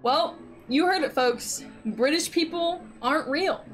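A woman streamer with a fairly high voice hosts a casual stream chat. She talks in a playful, mock-dramatic way and laughs often. Faint music plays behind her. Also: a little slow. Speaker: streamer host.

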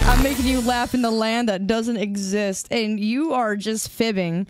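A woman's voice: fairly high pitch, fairly even intonation, normal speed, few pauses, over loud music. A young woman streamer chatting with her viewers in a playful, teasing, mock-indignant way, on a streaming mic. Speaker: game streamer. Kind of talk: casual live-stream chat. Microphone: desk streaming mic with headphones.

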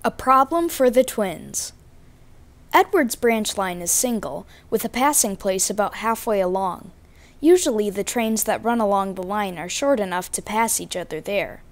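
A woman reading a children's storybook aloud in a clear, even manner. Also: mid-range voice, normal speed. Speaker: storybook reader.

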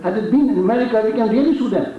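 A man's voice: sits high, rapid-fire, a crowd in the background. A man with an Indian accent preaching a sermon, telling a story dramatically and raising his voice for the challenges. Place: mosque hall. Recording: echoey hall, distant mic, dull sound.

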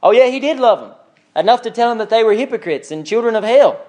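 A man's voice: very high-pitched, animated, fast, a little mellow. A man teaching a church Bible class in a conversational way, asking the class questions and reading scripture aloud with emphasis.

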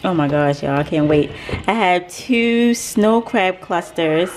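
A woman's voice: fairly low pitch, lively intonation, slow pace, darkish tone, a little hiss or hum. A young woman, chatting casually to camera in her home kitchen, laughing often and calling her viewers "y'all.". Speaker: vlogger, mother.

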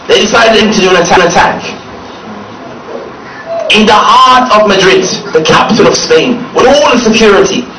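A man giving a mocking talk to a gathering, sarcastic and emphatic, often laughing and at times shouting. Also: high voice. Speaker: speaker addressing a gathering. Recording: distant echoey hall recording with noise.

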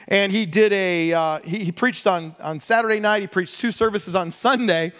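A pastor preaching a sermon, telling a personal story with lively, self-deprecating humor. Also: male voice, high voice, normal speed, clear, resonant tone.

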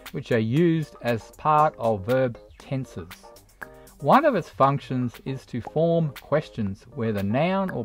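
A narrator reads a grammar lesson for English learners, spelling out each example at an unhurried pace. The intonation rises and falls in an animated way. Soft music plays quietly underneath. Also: mid-range voice. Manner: slow, deliberate explaining with read-out examples. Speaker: English teacher.

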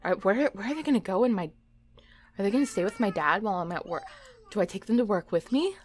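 Young woman, let's play host, casual gameplay commentary, giggly, chatty, talks to her characters, mid-pitched voice. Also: quick pace, slight background noise.

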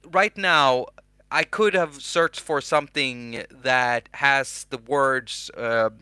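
A man hosting a casual software tutorial, chatty and self-mocking. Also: mid-range voice, no room sound. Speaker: host.

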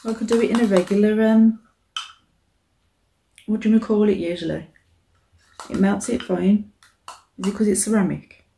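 A young mukbang vlogger's medium-pitched, mellow voice has vocal fry, a steady tone, normal speed, and long pauses, with a little hiss or hum in the recording. She chats casually while eating on camera, swearing freely and being self-mocking.

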